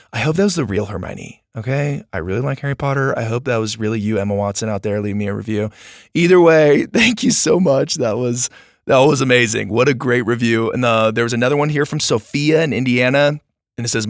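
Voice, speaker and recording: Upbeat gravelly-voiced man hosting. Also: medium pitch, a little fast, no room sound, studio quality. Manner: upbeat, chatty, addressing young listeners. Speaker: podcast host. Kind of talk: casual podcast outro.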